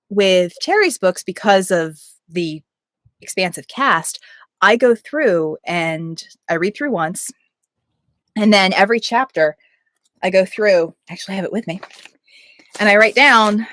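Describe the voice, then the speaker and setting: A woman who narrates audiobooks, chatting casually on a podcast with quick asides. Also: fairly low pitch, a bit bright, no echo, studio quality.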